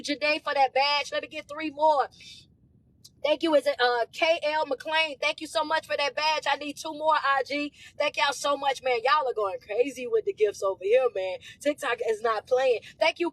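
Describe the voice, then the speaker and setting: A woman life coach on a livestream, talking casually and energetically as she thanks viewers by name. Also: high-pitched. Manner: energetic, warm shout-outs in casual slang. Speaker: motivational speaker and life coach.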